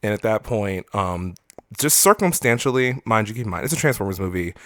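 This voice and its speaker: A man with a low voice chats through a movie plot on a podcast, meandering and swearing as he goes. He slips into quick impressions of the characters' lines. The sound is dry and close, with no room around it. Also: lively intonation, a bit bright, no echo. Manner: rambling recap with profanity and acted-out quotes. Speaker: podcast co-host. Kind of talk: casual movie review chat.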